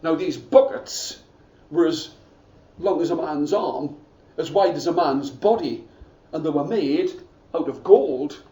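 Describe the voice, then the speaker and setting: Male storyteller for schoolchildren, expressive, gets the kids to join in, distant mic in an echoey school room. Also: a little high, a little slow. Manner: expressive, asks the audience to join in.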